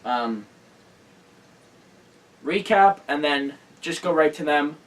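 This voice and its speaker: A tired man hosting a casual racing news roundup, hurried and rambling, correcting himself as he goes. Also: on the high side, lively intonation, distant mic, rough recording. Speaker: host.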